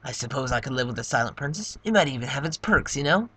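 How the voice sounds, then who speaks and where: A young man voicing a boastful, hulking male turtle-dragon king while reading game dialogue aloud, loud and gloating. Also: medium pitch, animated, fast, breathy edge.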